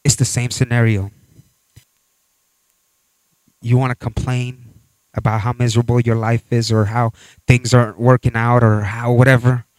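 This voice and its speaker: A man's voice: medium pitch, little pitch movement, normal speed, dry recording, low-quality recording. A man pastor preaching a sermon, telling a story with repeated phrases and building to exhortation.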